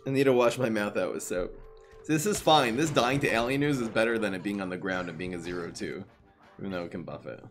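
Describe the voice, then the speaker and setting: A young man giving casual live commentary on his card game, excitable and jokey, muttering one moment and loud the next. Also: on the low side, fast talker, soft background music. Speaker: gaming streamer.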